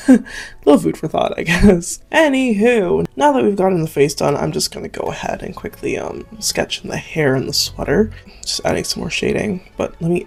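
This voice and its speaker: Young woman, canadian accent, low voice, gravelly fry, rambling chatty art tutorial, faint music. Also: a little mellow. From Southern Ontario, Canada. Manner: rambling, self-deprecating, laughs often. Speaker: artist. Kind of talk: chatty draw-along tutorial.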